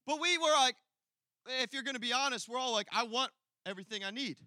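A man's voice: extremely high pitch, fast, pushed and bright, no echo. A man preaching a sermon to a congregation, telling a story with laughter and asides to the crowd. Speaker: pastor. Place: church hall before a congregation.

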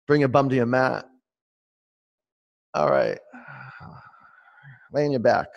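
Gravelly-voiced male yoga teacher. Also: mid-range voice, slow pace, long pauses. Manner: calm, meditative coaching with direct instructions; calls out students by name. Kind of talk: guided online yoga class.

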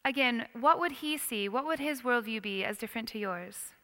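Bright, clear-voiced woman teaching. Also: on the high side, normal speed. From United States. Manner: lively, engaging, asks the audience questions. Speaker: Christian teacher. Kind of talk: classroom lecture on worldviews. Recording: long hall reverb.

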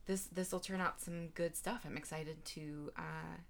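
A woman's voice: sits low, steady tone, unhurried, vocal fry. A young woman co-hosting a podcast, chatting casually with frequent fillers and laughs. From Baltimore area, USA. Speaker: podcast co-host. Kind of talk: casual chat.

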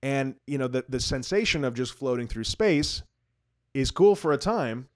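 A man's voice: medium pitch, lively intonation, normal speed, darkish tone. A man co-hosting a gaming podcast, talking casually in a rambling, self-deprecating way and laughing often. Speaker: podcast co-host.

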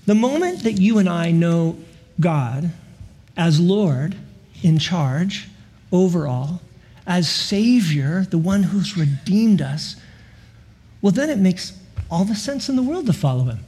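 A man's voice: high-pitched, lively intonation, slow, long pauses, mellow, husky. A man preaching a sermon as pastor, telling stories with laughs and repeated stammered words.

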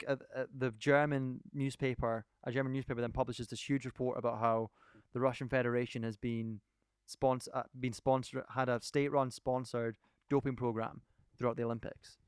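A man in casual podcast chat, eagerly recounting a story and wandering through the details. His voice is smooth and resonant, recorded dry and close with no room sound, at an ordinary middle pitch. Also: little pitch movement, moderate pace, no echo. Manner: enthusiastic storyteller, rambling. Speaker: podcast co-host. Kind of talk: casual chat, retelling a documentary.

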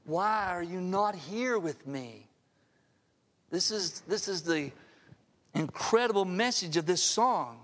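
An older man delivers a sermon at an unhurried, deliberate pace, his voice sitting a bit high for a man. He keeps turning to his listeners with earnest rhetorical questions. The sound carries the long reverb of a large church hall. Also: animated, a bit bright. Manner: earnest, asks the audience direct rhetorical questions. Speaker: pastor.

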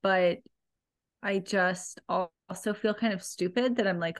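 A woman's voice: medium pitch, moderate pace. A woman co-hosting a podcast in casual chat, self-deprecating and often laughing. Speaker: podcast co-host.

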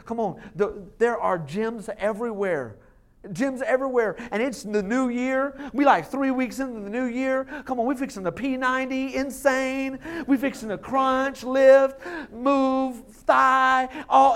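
A man preaching a sermon as lead pastor, animated and joking, acting out little voices and laughing along. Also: very high voice.

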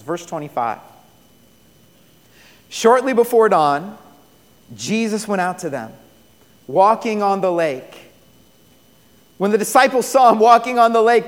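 A high-pitched man preaching a sermon in a large hall with a long echo. He tells stories, rises to loud bursts and drops to near-hushed lines. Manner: storytelling, swings from loud to hushed. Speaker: pastor.

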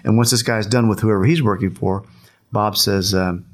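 A man with a slightly low voice spins a long, casual anecdote. He chuckles often and repeats phrases as he goes. He slips into the voices of the people in his story. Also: fairly even intonation, moderate pace. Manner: laughs often while telling, repeats himself, acts out quotes.

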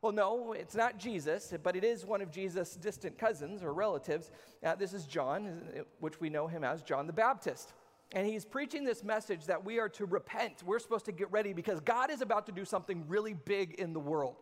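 A man's voice: high voice, fairly quick. A man in his thirties preaching a sermon as a pastor, casual and joking, talking straight to his audience. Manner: conversational, jokey, talks to the audience. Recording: long hall reverb.

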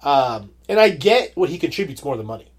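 Podcast co-host, male, husky tone, lively pitch, even-tempered delivery. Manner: measured, agreeable, frequent short assents. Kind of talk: casual movie review chat.

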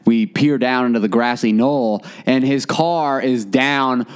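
Male podcast host, animated storyteller, slips into voices for the people in his story. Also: mid-range voice, a little slow, clean tone. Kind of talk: casual storytelling chat.

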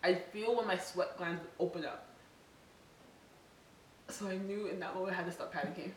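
A woman co-hosting a podcast, chatting casually and quickly, laughing often. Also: lowish voice. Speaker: podcast co-host. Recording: roomy, distant, faint hiss.

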